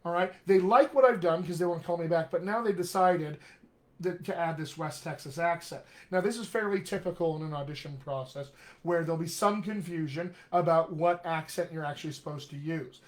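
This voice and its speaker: A man's voice: fairly high pitch, brisk. A man coaching actors in a live-streamed talk, direct and encouraging, often checking in with "all right?". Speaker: dialect coach.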